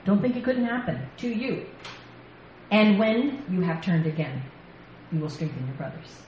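A woman speaker giving a lively faith talk to a women's gathering from a stage mic, telling stories and laughing often. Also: mid-range voice, normal speed, highs cut off. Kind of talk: sermon-style faith talk. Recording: echoey hall, faint background noise.

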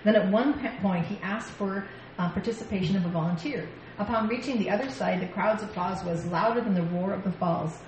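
Animated woman preaching in an echoey hall. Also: mid-range voice, a little fast. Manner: lively storyteller, laughs often. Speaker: women's ministry speaker. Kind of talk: sermon-style faith talk. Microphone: stage mic. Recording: echoey hall, faint background noise.

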